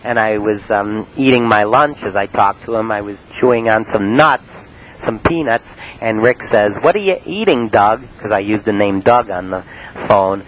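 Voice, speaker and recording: A man from Cleveland telling about his prank calls in a halting, rambling monologue full of uh and um. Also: lowish voice, fairly even intonation, fairly bright tone, low-quality recording. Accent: Cleveland, Ohio. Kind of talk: rambling spoken-word monologue. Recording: faint hiss on an old cassette tape.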